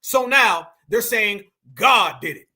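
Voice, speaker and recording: Heated high-voiced man reacting live. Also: animated, slow, pushed and bright. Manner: heated, mocking, addresses chat as family. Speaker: livestream host. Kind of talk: reacting to a video on a livestream.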